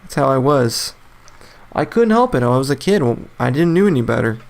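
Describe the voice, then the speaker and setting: A man's voice: medium pitch, sing-song, fairly quick, gravelly. A young man in his twenties hosting a casual solo podcast, rambling with many fillers, restarts and frequent laughs. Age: 20s. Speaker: podcast host.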